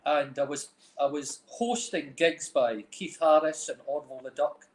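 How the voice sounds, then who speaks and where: Middle-aged dundee guy, scottish accent, kinda higher voice, rambles on with "like you know", echoey room. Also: fairly even intonation, moderate pace. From Scotland. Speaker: guest, film director and music manager. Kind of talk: casual chat. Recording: roomy echo.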